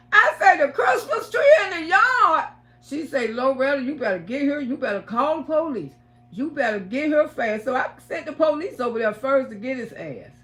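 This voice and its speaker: A woman hosting a livestream, telling a dramatic story to her viewers, acting out the voices and swearing freely. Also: sits high. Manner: dramatic retelling, acts out quoted voices, swears. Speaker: livestream host.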